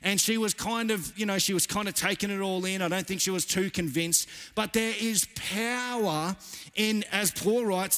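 A man's voice: high-pitched, a bit bright. A man in his thirties preaching a sermon as pastor, earnest and emphatic, repeating key phrases. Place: church. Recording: church hall reverb.

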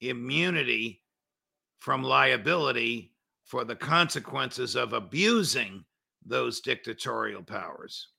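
A man's voice: mid-range voice, lively intonation, slow pace, gravelly, sharp tone, slightly rough. A man giving political commentary as a guest, emphatic and lecturing, building to indignation.

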